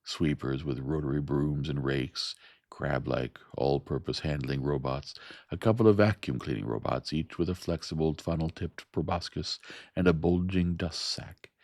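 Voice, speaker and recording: Deep gravelly guy reading a story slow and even, dry close mic. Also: dry recording. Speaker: audiobook narrator. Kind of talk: soft-spoken audiobook narration.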